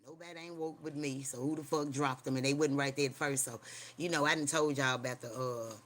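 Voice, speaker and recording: In a mid-range, fairly bright voice with mostly even intonation, the host talks a little fast on a casual home stream. It's a rambling, slangy, profane mix of a spooky personal story and street preaching, punctuated by "you hear me?" to viewers.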